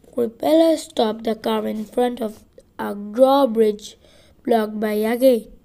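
Woman reader for a children's story: higher pitch, unhurried, careful, rereads stumbles. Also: warm tone. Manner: slow and deliberate, with rereads and self-corrections. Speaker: audiobook reader. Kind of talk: reading a children's book aloud.

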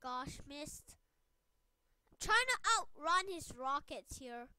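A young woman talking over her gameplay in a high, very bright voice, exasperated and given to frustrated cries. She speaks slowly and drawn out between outbursts, and the sound is close and dry with no room around it. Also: expressive, no echo. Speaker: gaming video creator. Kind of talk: let's play commentary.

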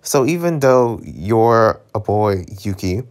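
A man's voice: fairly low pitch, sing-song, slow pace, full character voice. A man voicing an affectionate, intense nineteen-year-old boy in a webtoon reading. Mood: earnest.

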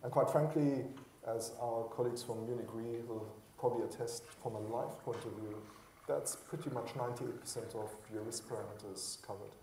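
A man talks on a conference panel in a mellow, relaxed voice, chatty and self-deprecating, with plenty of fillers and restarts. He is picked up from a distance in a roomy hall, with a faint hum of ambience behind him. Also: medium pitch, fairly quick. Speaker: insurance executive panelist.

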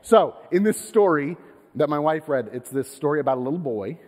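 A pastor preaching a sermon in a lively, conversational way, posing rhetorical questions to his congregation. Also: a little high, a little fast, long reverb tail. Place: church sanctuary.

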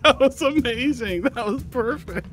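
A man's voice: extremely high pitch, lively intonation, a little slow, a bit bright, soft background music. A man chatting casually while playing a game with a friend. He sounds cheerful, easygoing and full of admiration. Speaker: fellow server player. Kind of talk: casual gameplay chat.

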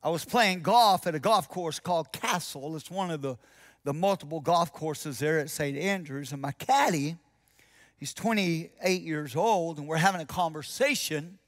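A man, a pastor preaching a sermon and telling a story, acting out both sides of a conversation and dropping to soft, intense tones for his key points. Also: fairly high pitch, moderate pace.

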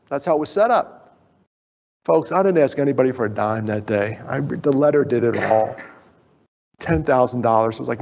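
Middle-aged male speaker, lively self-mocking storyteller, slightly husky, hall echo, dull sound. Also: a little high. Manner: animated, self-deprecating storyteller. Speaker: conference speaker. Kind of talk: personal storytelling talk. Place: conference hall. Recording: dull recording, long hall reverb.

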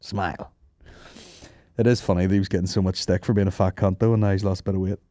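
Sweary podcast host. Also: male voice, low-pitched, little pitch movement, racing, warm tone, no echo, clean studio sound. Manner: sweary, rambling, laughs at his own jokes. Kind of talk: casual comedy banter.

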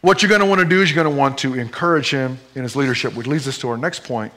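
A man, a pastor, preaching a sermon in a playful, animated way, with live demonstrations using a volunteer during a church service. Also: medium pitch, quick pace.

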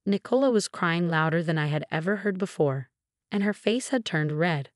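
A woman narrating a first-person story in an even, plain storytelling manner. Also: fairly low pitch, normal speed, no echo, clean studio sound.

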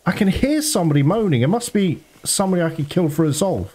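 A man commentating his own gameplay, excitable and prone to swearing and laughing. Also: high-pitched, quick pace. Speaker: gameplay streamer.

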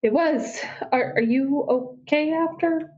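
A woman's voice: high-pitched, takes it slowly, darkish tone, lo-fi sound. A woman playing a tabletop role-playing game, speaking politely with hesitations. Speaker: player.

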